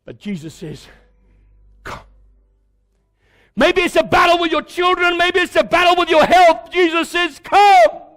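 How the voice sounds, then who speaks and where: A South African pastor preaching an impassioned sermon to his congregation in church, repeating words and swinging from quiet to shouting. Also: extremely high pitch, lively intonation, brisk, hardly any pauses.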